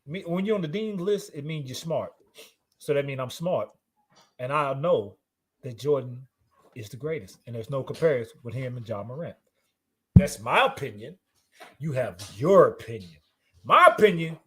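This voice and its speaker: A man's voice: on the high side, fairly bright tone. A man co-hosting a casual sports talk show, boasting, cursing freely and laughing often. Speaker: podcast co-host. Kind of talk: heated casual debate.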